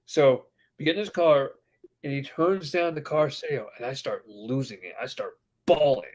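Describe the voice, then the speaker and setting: A man chatting casually on a podcast as co-host, telling a story with lively, animated delivery and acting out the people he quotes. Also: medium pitch, moderate pace. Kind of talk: casual chat.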